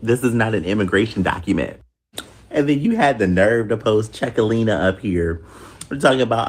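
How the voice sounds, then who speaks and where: A woman's voice: a bass voice, lively intonation, fairly quick, darkish tone, slightly rough. A woman in a played clip, giving mocking gossip commentary and laughing through her lines.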